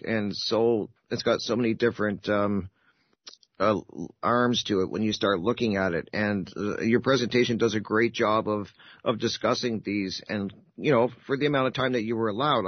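Husky podcast host, lo-fi sound. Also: male voice, medium pitch, no room sound. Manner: affirming, thoughtful, speaks in long reflective runs. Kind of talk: casual podcast interview. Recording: dull lo-fi sound.

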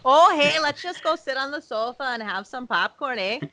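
A woman's voice: mid-range voice, fairly quick, a bit bright, close to an everyday voice. A woman putting on a cheerful, smug Midwestern American woman who is sure she has no accent. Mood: folksy smug.

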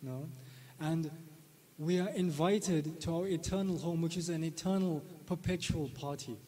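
A man's voice: on the high side, a little slow, dark tone. A man giving a live sermon to a group as a spiritual teacher, tagging his phrases with a questioning "no?". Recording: long reverb of a hall.

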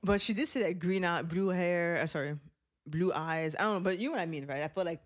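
A man co-hosting a podcast in casual chat, animated and laughing often. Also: high-pitched, fairly quick. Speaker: podcast co-host.

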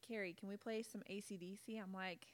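A woman's voice: medium pitch, steady tone, a little fast, dry recording. A middle-aged woman co-hosting a casual faith-based chat, bubbly, laughing often and acting out quotes. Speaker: podcast co-host.

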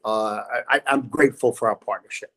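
A man's voice: fairly low pitch, brisk. An older man, a football coach, telling stories as a podcast guest and laughing often. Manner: lively storyteller, laughs often. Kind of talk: casual podcast chat.

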